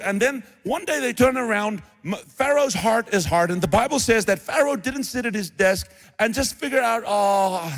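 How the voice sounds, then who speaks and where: A man's voice: high voice, long reverb tail. A middle-aged man preaching a sermon, acting out the voices of biblical figures as he tells the story. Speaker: pastor.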